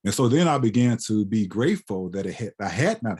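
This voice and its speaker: Husky-voiced man lecturing conversationally. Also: lowish voice, sing-song, brisk, few pauses, darkish tone. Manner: conversational, often ends with "right?". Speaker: guest lecturer, photographer. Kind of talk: reflective lecture. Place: lecture hall.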